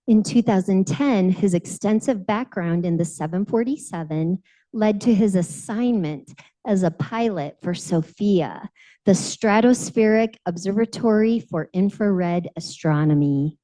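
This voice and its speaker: A woman introducing a guest speaker at a meeting, reading a formal bio in a steady manner. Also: medium pitch, measured pace, rough recording.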